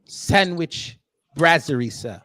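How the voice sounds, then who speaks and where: A man doing a pompous, mock-posh British gentleman in comedic banter, clipping "sir" onto nearly every line. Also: on the high side, lively intonation, slow, no room sound, clean studio sound, heavily acted. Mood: condescending.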